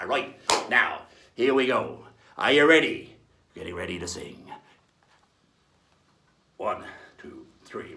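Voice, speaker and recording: Animated pirate-talking man with an echo. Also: mid-range voice, slight background noise. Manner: theatrical pirate talk, hammy and animated. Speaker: children's show host in pirate persona. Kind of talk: playful pirate-themed kids' lesson.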